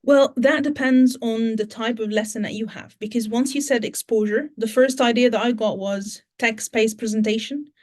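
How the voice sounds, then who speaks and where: A woman speaking with a British English accent, her voice pitched a little high. She answers questions at an online teaching conference and works through each point step by step, often pausing and restarting. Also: fairly even intonation, darkish tone. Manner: explains in steps with many fillers and restarts. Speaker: teacher trainer.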